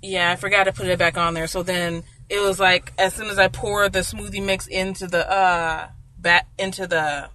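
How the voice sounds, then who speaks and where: Young woman, bright and lively, telling work stories casually. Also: on the low side, moderate pace, few pauses, slight background noise. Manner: animated storyteller, voices people in her anecdotes, laughs often. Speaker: food service worker telling a story. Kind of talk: casual chat.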